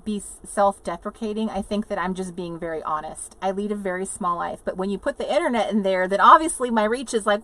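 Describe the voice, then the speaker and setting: This livestream host chats casually with viewers from inside an RV, rambling, laughing often, and reading their comments out loud. She speaks a little fast with few pauses, in a medium-pitched, fairly bright voice.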